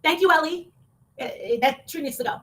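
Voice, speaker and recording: A woman talking in a heated, casual rant, swearing often and breaking into loud outbursts. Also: high voice, a little fast. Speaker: online show guest.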